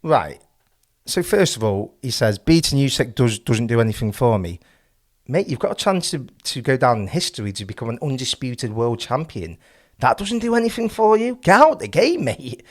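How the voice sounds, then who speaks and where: A man's voice: mid-range voice, very animated, moderate pace. A man hosting a boxing channel, giving passionate, opinionated commentary full of rhetorical questions.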